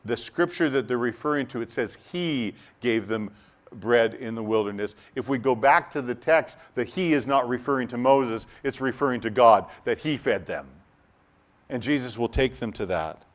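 A man's voice: mid-range voice, moderate pace. A male pastor preaching a sermon, acting out the crowd's voices and laughing as he goes. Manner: animated, acts out voices of the crowd, laughs often.

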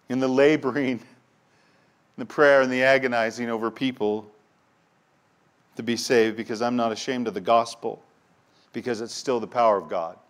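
A male pastor delivering a sermon with deep feeling. He moves from quiet, low reflection to loud, rising appeals, and he stumbles and repeats words when the moment moves him. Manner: impassioned, swings from hushed to loud and urgent.

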